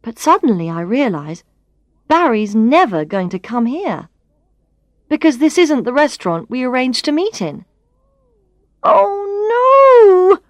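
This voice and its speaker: A woman reading a first-person story for learners aloud, clear and expressive. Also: fairly high pitch, normal speed, no room sound, clean studio sound. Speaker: narrator. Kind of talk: scripted narration of a learners' story.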